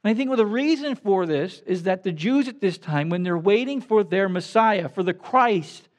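A man preaching who reads scripture and then pauses to explain it in plain, everyday words. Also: sits high, animated. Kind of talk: scripture reading with casual commentary.

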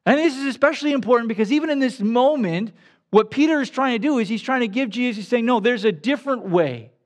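A man preaching who reads scripture and then pauses to explain it in plain, everyday words. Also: extremely high pitch. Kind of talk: scripture reading with casual commentary.

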